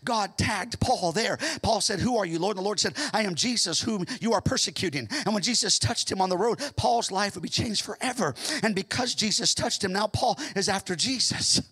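Male American preacher, high and ringing, shouts the big lines and talks low in between. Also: fairly quick, few pauses, slightly rough. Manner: shouts his peaks, drops to quiet asides. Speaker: pastor. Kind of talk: sermon. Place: church sanctuary.

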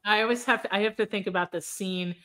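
Lively woman host, chatty, acts out lines, mid-pitched. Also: quick pace, soft background music. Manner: animated, laughs often, acts out movie lines. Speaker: podcast host. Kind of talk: casual chat.

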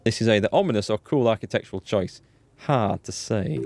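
A man's voice: lowish voice, brisk, a little mellow, soft background music. A man hosting a let's play, chatty and self-mocking, often exclaiming as he reacts to the game. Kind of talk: gameplay commentary.

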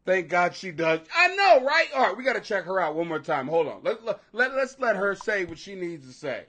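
This is a high-pitched man in his forties hosting his own live stream. His voice is bright and sharp, leaping all over the place as he rants. He swears constantly and laughs at his own jokes. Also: a little fast. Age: 40s. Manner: profane, loud, laughing, animated. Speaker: livestream host. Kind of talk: casual ranting commentary.

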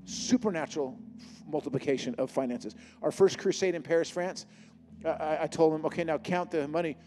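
Male preacher, rapid animated testimony sermon, slightly high voice, long hall reverb. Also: slight background noise. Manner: animated storytelling, acting out dialogue with God.

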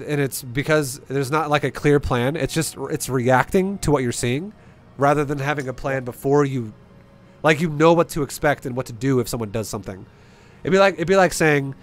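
A young man in an average pitch coaching a player through a replay, loose and casual. He swears freely, laughs easily and acts out little scenes to make his point. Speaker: StarCraft coach.

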